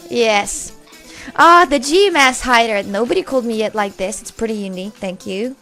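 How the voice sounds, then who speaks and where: A young woman from Russia with a high, bright voice talks to her stream chat in English. She is loud and casual, swearing freely as she reads messages aloud. Faint music plays behind her. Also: moderate pace. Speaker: livestreamer.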